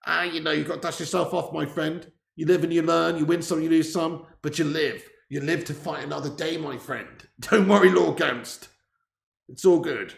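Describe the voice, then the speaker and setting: A man's voice: on the high side, fairly even intonation, moderate pace, vocal fry. A man hosting a live football watch-along, chatting casually, laughing often and reading out viewer messages, on a mic placed far away. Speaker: live stream host. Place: room indoors. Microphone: laptop mic set far away with gain turned up. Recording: echoey room.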